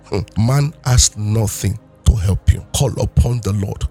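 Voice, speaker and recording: Pastor, male, gravelly, fervent sermon over faint music. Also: on the low side, measured pace, darkish tone. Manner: fervent preaching, repeating and calling out prayers. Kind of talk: sermon with prayer.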